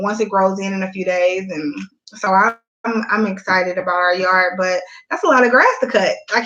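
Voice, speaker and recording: A woman's voice: mid-range voice, sharp tone, dull audio. A young woman chatting candidly to her viewers at home, a mom vlogging in casual Southern-style speech. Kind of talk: casual chat.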